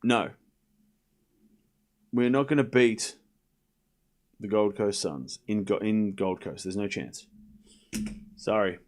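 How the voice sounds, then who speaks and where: An Australian man streaming live tennis play-by-play, trading quick, jokey back-and-forth with his chat. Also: lowish voice, darkish tone. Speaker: streamer calling a tennis match.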